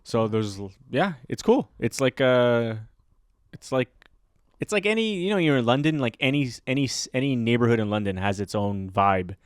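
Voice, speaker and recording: A man's voice: mid-range voice, animated, moderate pace, dry recording, studio quality. A man from Canada co-hosting a podcast, telling stories in a rambling, hesitant way full of fillers. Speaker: podcast co-host. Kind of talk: casual chat.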